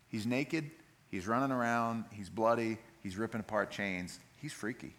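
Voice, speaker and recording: A man's voice: mid-range voice, lively intonation, unhurried, fairly bright tone. A male pastor giving a sermon, reading scripture and explaining it in a conversational, plain-spoken way.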